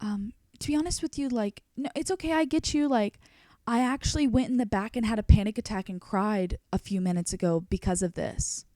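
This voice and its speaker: A woman voicing a nervous young female hairstylist who hesitates, fills with "um" and soothes in a high voice. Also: a little fast, mellow, no echo, close to an everyday voice. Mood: reassuring.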